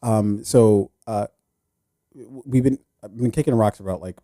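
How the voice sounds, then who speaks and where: A man's voice: on the low side, measured pace, dark tone, no echo, clean studio sound. A man from the United States co-hosting a podcast in casual, profane chat, full of restarts and fillers. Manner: rambling, profane, frequent restarts. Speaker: podcast co-host.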